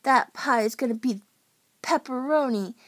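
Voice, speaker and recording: A woman reading a storybook aloud, voicing an eager, bossy young schoolboy who calls out loudly. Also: high-pitched, measured pace. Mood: excited. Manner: loud, excited calls.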